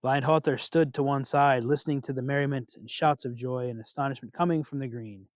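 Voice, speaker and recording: A man narrating a myth as a storyteller, expressive and unhurried. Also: medium pitch, no room sound, studio quality.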